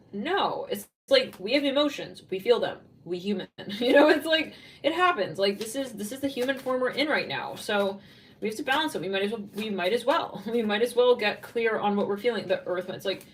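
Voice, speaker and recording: Recorded on a distant mic, this tarot reader speaks in a mid-range voice with a Californian accent. Her reading is casual and rambling, full of laughter and repeated "like"s.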